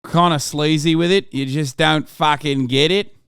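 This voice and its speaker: A man in his thirties reacts to news clips on a live stream. He is loose, profane and excitable, and breaks into laughing asides. His voice is smooth and a little high, recorded dry and close. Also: normal speed, no echo.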